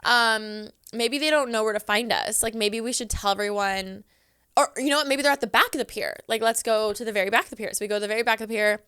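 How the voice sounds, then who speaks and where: Talking fast in a fairly high, steady, slightly bright voice with a clean tone, a young woman from Southern California guests on a podcast and casually tells a story. She leans heavily on "like" and performs her own past lines. The studio recording is clean and dry.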